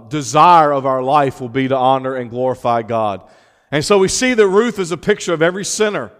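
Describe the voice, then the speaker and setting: A man's voice: on the high side, long reverb tail. A man pastor preaching a sermon, stretching out key words for emphasis and turning to chat with his congregation. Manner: preaches with emphatic, drawn-out phrases, then talks informally to the congregation.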